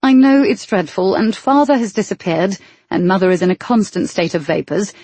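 A woman voicing an impulsive, spirited young lady who talks in an animated, dramatic way. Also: mid-range voice, normal speed, no echo, lightly acted. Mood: earnest.

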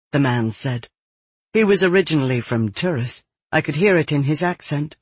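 Husky-voiced man narrating a grim tale. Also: a little high, animated, dry recording. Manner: measured, grim storytelling. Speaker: audiobook narrator. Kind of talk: scripted first-person fiction narration.

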